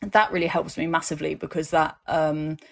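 A woman, a guest in a conversational interview, telling animated stories and leaning on fillers like "um" and "like". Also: deep voice, fairly quick, gravelly, husky. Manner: animated storytelling, acts out voices in anecdotes, many fillers.

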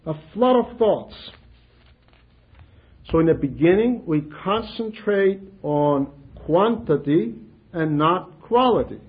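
A man with a high voice gives an informal spiritual talk. He speaks conversationally, repeats his phrases and acts out short, simple prayers. The recording sounds dull and lo-fi. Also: big pitch swings, measured pace.

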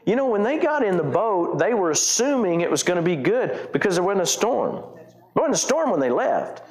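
A man's voice: high voice, sing-song, moderate pace, reverberant. A pastor preaching a conversational sermon, retelling scripture in his own words with frequent restarts.

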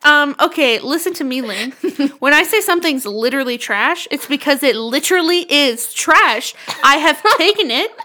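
Bubbly high-voiced woman co-host. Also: lively intonation, moderate pace, pushed and bright. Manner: playful, laughs often, swears. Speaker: podcast co-host. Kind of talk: casual chat.

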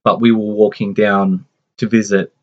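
A man's voice: fairly low pitch, little pitch movement, normal speed. A man in his forties telling a family story in a casual, rambling way, full of restarts and asides. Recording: dull lo-fi sound.

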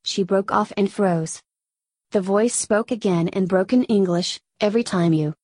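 A woman reads a novel aloud in an even, measured way. Her voice sits in a middle pitch. The recording is dry and close, with no room sound. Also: breathy edge, no room sound. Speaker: audiobook narrator. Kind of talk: scripted narration.

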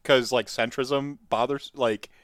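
A man's voice: mid-range voice, fairly even intonation, a little slow, dry recording, studio quality. A man co-hosting a casual livestream chat, rambling and swearing as he talks. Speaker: YouTuber co-host.

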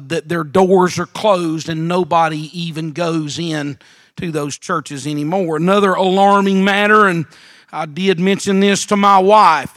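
A man preaching a sermon at a church service, deliberate and measured, often repeating a word as he goes. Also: high voice, fairly bright tone.

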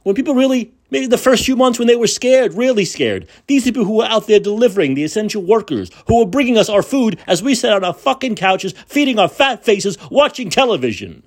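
A man's voice: high voice, very animated, a little fast, few pauses. Furious, profane man ranting. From United States. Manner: angry, profane, sarcastic ranting; repeats words for emphasis. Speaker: podcast host. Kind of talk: political rant monologue.

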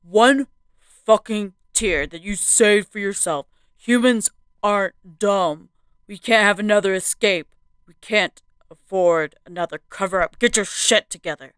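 A woman's voice: medium pitch, brisk, hardly any pauses, mellow, clean tone, no room sound, voice pushed up, close to an everyday voice. A woman voicing an angry man who berates a coworker, harsh and swearing, in a horror story narration. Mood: furious.

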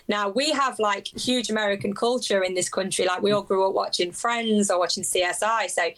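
A woman's voice: mid-range voice, brisk, fairly bright tone. A woman, a musician chatting animatedly in an interview and laughing often. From England. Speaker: musician guest. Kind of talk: casual interview chat.

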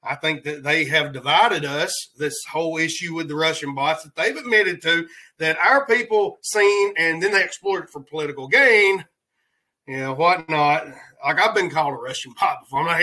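A man's voice: fairly high pitch, expressive, normal speed, pushed and bright, low-quality recording. A man hosting a podcast, giving rambling, heated political commentary in a colloquial way. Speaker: podcast host.

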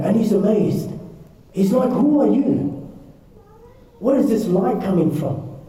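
Man storyteller for a kids' class, high and dark-toned, heard from far off in a big echoey hall. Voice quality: casual, repeats himself, many fillers and restarts. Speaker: Islamic teacher telling a story to children and teens. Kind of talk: storytelling lesson. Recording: echoey hall, distant mic.

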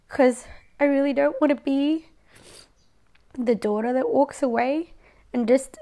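A woman's voice: sits high, measured pace, pauses often, dark tone. A young Australian woman venting to her viewers in a personal vlog. She swears often, fills her talk with "like," and sounds close to tears. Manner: venting, frequent swearing and "like" fillers. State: near tears, voice breaking. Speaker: vlogger.

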